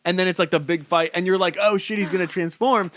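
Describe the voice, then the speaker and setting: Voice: medium pitch, steady tone, quick pace, a bit bright, dry recording. A podcast co-host in casual chat, joking and rambling with lots of fillers.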